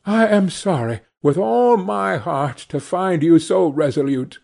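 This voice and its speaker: A man voicing Scrooge's cheerful, warm-hearted young nephew in an audiobook reading, speaking earnestly and with passion. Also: fairly high pitch, lively intonation, measured pace, creaky, pitched above the performer's own voice, heavily acted. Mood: pleading. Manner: earnest, impassioned.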